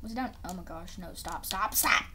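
A woman's voice: on the low side, brisk, pushed and bright, slight background noise. A woman casually talking her way through a video game, chatty and repeating herself as things happen. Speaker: gameplay video creator. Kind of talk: casual gameplay commentary.

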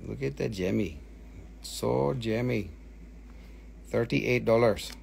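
A man hosting a live sales stream, talking with excited, animated patter as he shows and prices each item. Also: mid-range voice, takes it slowly, gravelly, a little hiss or hum.

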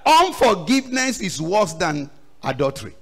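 Pastor preaching with big swings. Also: male voice, sing-song, normal speed. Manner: preaching with sudden loud rises and low drops; acts out quoted voices in the story. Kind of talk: sermon.

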